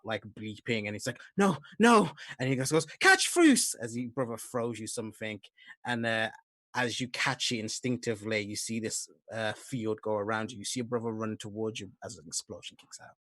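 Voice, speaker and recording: A man narrating as game master of a tabletop role-playing game, in a soft, measured voice. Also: fairly low pitch, dry recording.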